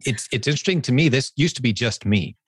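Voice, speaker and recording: A man's voice: mid-range voice, animated, quick pace, breathy edge, dry recording. A man hosting a conversational interview, encouraging and upbeat as he draws out a team member's stories. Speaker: host, business owner.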